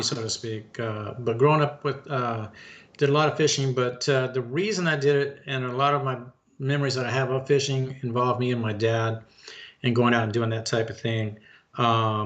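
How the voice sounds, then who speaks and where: A man's voice: medium pitch, fairly bright tone. A middle-aged man co-hosting a casual talk show, telling a long story in a folksy way and calling listeners folks and bud. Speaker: podcast co-host.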